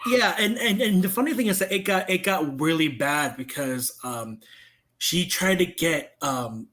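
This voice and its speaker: Animated storytelling man on a podcast. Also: on the high side, a little slow. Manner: animated, acts out voices in his stories. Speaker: podcast guest. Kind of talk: casual storytelling chat.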